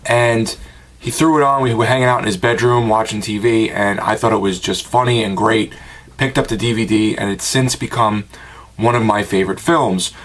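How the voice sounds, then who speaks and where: A man's voice: on the low side, fairly even intonation, normal speed, a bit bright. An American man giving a casual, rambling home-video review with personal asides. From United States. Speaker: film reviewer and collector.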